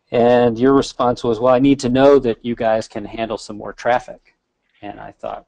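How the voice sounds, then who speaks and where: Male software-founder guest, laid-back storyteller, dry close sound. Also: medium pitch, moderate pace, vocal fry, no room sound. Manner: relaxed storyteller, friendly and joking. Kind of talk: casual webinar chat.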